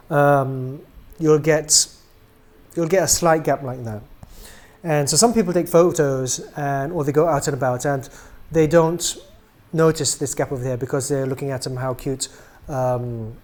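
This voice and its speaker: Middle-aged man, slightly higher pitch, loose chatty demo delivery, filler-heavy, phrase endings fade soft. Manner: relaxed and chatty, many ums, trails off quietly at ends of phrases. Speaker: doll maker demonstrating a product. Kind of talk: casual product demonstration.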